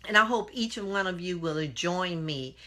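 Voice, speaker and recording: A woman hosts her own live motivational stream, speaking earnestly into a phone or webcam. Her voice is bright and forceful, pitched a little low, and she keeps asking her viewers questions and greeting them by name. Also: animated, a little slow.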